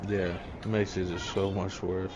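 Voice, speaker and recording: A man's voice: low voice, little pitch movement, moderate pace, dull audio. A man chatting casually, telling laid-back, agreeable stories about coworkers. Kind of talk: casual chat. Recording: audible background noise.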